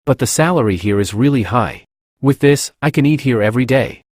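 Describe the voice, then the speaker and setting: A man's voice: mid-range voice, expressive, fairly quick, dry recording, clean studio sound, natural voice. A man reading the lines of a greedy, food-loving young woman in a comic recap. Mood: dramatic.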